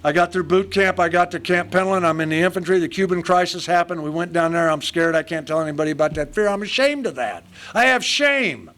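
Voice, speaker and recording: Guy in his 60s at a meeting, high voice, telling his story straight, jokes on himself. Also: quick pace, few pauses, fairly bright tone. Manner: self-mocking, blunt, punchy short sentences. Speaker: recovery meeting speaker. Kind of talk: humorous personal storytelling. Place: live meeting room before an audience.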